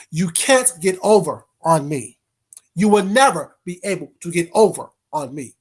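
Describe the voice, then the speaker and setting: A man's voice: on the high side, sing-song, normal speed, slightly rough. A man ranting on a casual livestream, blunt and heavy on the profanity. He tears into trolls, then breaks off to greet chat viewers by name before going back at it. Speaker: livestream host.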